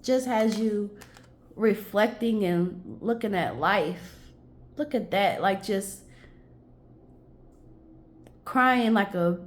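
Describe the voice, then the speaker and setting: Slow musing woman reading tarot. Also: medium pitch, reverberant. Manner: musing, talks to herself and viewers, stretches words. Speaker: tarot reader. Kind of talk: casual tarot reading monologue.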